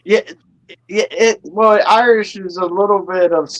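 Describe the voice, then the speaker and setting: Male co-host, relaxed self-deprecating banter, voice a touch high. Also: measured pace, low-quality recording. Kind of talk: casual chat.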